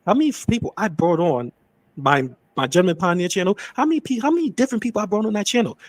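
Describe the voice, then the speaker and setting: A man streaming, giving fast, insistent, preachy commentary. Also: high voice, animated, dry recording.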